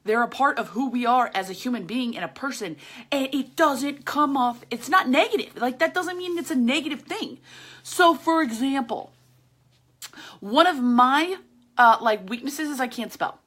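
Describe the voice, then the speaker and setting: A woman's voice: high voice, expressive, normal speed, fairly bright tone. A woman hosting her own podcast, giving a chatty, emphatic motivational monologue full of slang, talking straight to the camera. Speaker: podcast host. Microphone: camera, speaking to viewers.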